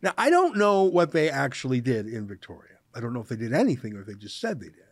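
A man's voice: medium pitch, sing-song, fast, no echo, studio quality. Sarcastic male commentary host. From Canada. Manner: sarcastic, mocking, emphatic. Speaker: show host. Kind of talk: opinion commentary monologue.

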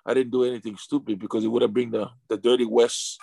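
A man's voice: medium pitch, little pitch movement, fast, vocal fry, warm tone, breathy edge, no room sound. A man, a retired athlete being interviewed, telling his story with emotion and stumbling over repeated words. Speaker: interview guest, retired sumo wrestler.

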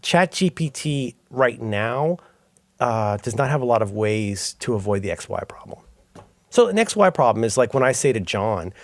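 Man, podcast co-host, loose rambling talker, lively pitch, dry close sound. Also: normal speed, no room sound. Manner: rambling, self-interrupting, animated storytelling. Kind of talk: casual chat.

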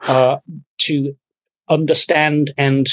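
A man, a podcast guest with a dry, deadpan way of talking. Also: on the high side, slow pace, no echo. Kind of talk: casual chat.

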